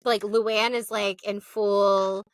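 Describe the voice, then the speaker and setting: A woman co-hosting a casual chat about reality TV, telling stories fast and acting out the people she quotes in exaggerated voices. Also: medium pitch, level tone, crowd noise. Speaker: podcast co-host.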